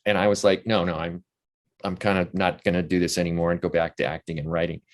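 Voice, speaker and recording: Animated low-voiced man telling stories. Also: quick pace. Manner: animated storyteller who acts out quoted voices. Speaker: interview guest, actor and playwright. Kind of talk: casual storytelling interview.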